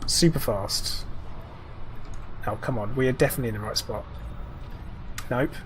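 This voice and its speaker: A man's voice: mid-range voice, normal speed, fairly bright tone, slight background noise. A man live-streaming a game, chatting casually in a rambling way and answering viewers' chat messages.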